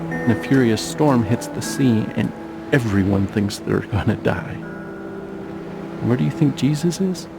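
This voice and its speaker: A man narrating as a father, reflective and searching, asking quiet questions. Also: medium pitch, expressive, measured pace, gravelly. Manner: questioning, searching, soft-spoken. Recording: music under the voice.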